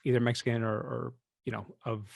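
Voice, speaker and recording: A man's voice: medium pitch, flat delivery, fairly quick, creaky, dry recording. Chatty man, dry close sound. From Punjabi background. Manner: chatty, self-deprecating storyteller. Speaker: podcast co-host. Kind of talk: casual chat.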